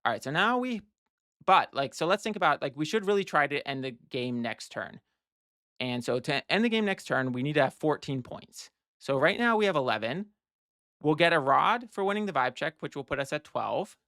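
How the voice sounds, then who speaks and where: A man's voice: fairly high pitch, sing-song, normal speed, bright, forceful tone, no room sound, clean studio sound. A man walking through a card game match, explaining his plays step by step and thinking aloud with restarts and fillers. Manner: explanatory, plans moves step by step. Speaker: card game strategy teacher. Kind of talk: casual gameplay walkthrough.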